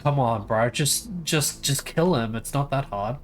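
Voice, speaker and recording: A man's voice: mid-range voice, a little slow, few pauses, faint music behind. A man streaming a game, chatting casually and bluntly and swearing freely between lines of dialogue.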